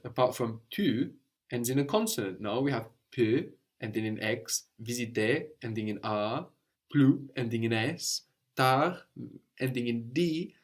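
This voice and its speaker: Patient man teaching a language lesson. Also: mid-range voice. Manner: patient, explains step by step, often ends with "no?".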